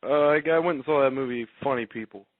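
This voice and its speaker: A man co-hosting a radio fight-talk show in casual chat, talking loosely with quick restarts. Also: medium pitch, slight background noise. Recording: tinny phone-like dry audio.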